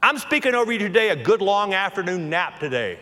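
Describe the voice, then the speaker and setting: A man in his fifties with a Southern accent, preaching a sermon, dropping to a hush and then rising to forceful calls. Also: sits high, big pitch swings, fairly quick. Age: 50s. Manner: swings from hushed to forceful preaching. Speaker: pastor. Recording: hall reverb.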